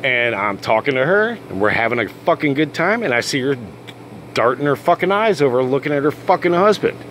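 A man's voice: medium pitch, fairly quick, a little hiss or hum. A man telling a crude, swear-filled story as the host of a casual rant video. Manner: crude, swearing constantly, animated. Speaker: channel host.

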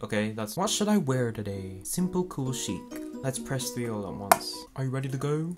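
A man's voice: medium pitch, animated, brisk, soft background music. A man playing a story game, reading the characters' lines aloud in a playful, dramatic way and adding his own comments. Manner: playful, dramatic, swings between character voices and asides. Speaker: gaming YouTuber.

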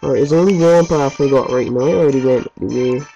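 Speaking fast in a gravelly, warm, medium-pitched voice, this let's play host rambles and chats through his gameplay from his home basement, dropping the odd mild swear. Game music plays under a muffled, lo-fi recording.

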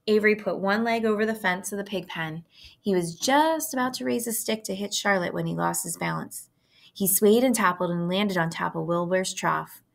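Woman with a gravelly storybook reading voice. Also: lowish voice. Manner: steady, gentle storytelling. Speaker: narrator reading a children's novel aloud. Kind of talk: storybook read-aloud.

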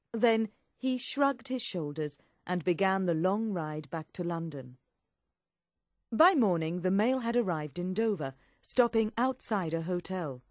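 Slow, clear woman narrating a story. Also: medium pitch, darkish tone, no echo, clean studio sound. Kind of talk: scripted audiobook narration.

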